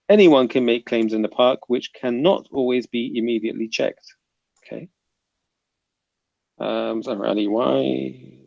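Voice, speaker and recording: A man's voice: mid-range voice, vocal fry, darkish tone, dry recording, muffled recording. A man hosting a casual livestream panel, reading chat comments aloud and bantering with the panel.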